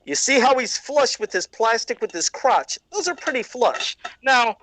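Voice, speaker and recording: A man's voice: very high voice, very animated, normal speed, pushed and bright. A man co-hosting a podcast over a video call, ranting angrily and swearing often. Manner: angry, profane ranting. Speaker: podcast co-host. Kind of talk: ranting casual chat.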